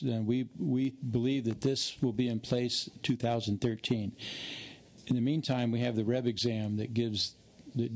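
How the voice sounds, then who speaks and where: Monotone, gravelly male official fielding questions. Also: medium pitch. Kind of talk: hearing testimony.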